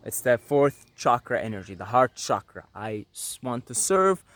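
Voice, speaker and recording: A man's voice: medium pitch, sing-song, moderate pace, a bit bright. A man hosting a spiritual teaching video, talking earnestly to camera and repeating points for emphasis. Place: apartment at night.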